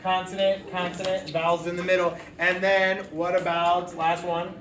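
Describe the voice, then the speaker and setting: In a classroom, a man with a high-pitched voice teaches children phonics, patiently sounding out letters in a level tone at a moderate pace. The room is echoey, the mic is far off, and there is background noise.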